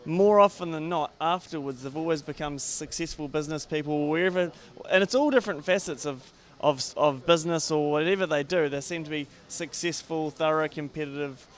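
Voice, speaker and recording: A man's voice: on the high side, a little fast, hardly any pauses. A man interviewing a guest in a casual, enthusiastic way with casual slang.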